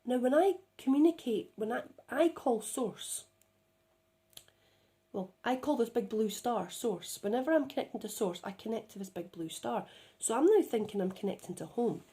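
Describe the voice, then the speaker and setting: Mellow-voiced woman chatting about spirit contact. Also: on the high side, lively intonation, normal speed. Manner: chatty, with frequent "right?" tag questions. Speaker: spiritual channeler. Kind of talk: casual spiritual storytelling. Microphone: phone.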